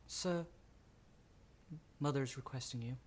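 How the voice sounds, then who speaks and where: A man's voice: medium pitch, takes it slowly, a little mellow. A man voicing a deferential young servant boy who keeps calling people sir, in a tabletop game. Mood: polite. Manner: deferential, calls everyone sir.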